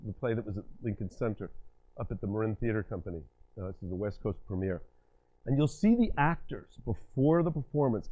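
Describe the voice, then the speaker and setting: A middle-aged communication coach gives a live workshop talk, walking the audience through exercises in an animated, directive style. He demonstrates states with both voice and body, speaking in a mid-range voice on a dull, lo-fi lecture recording.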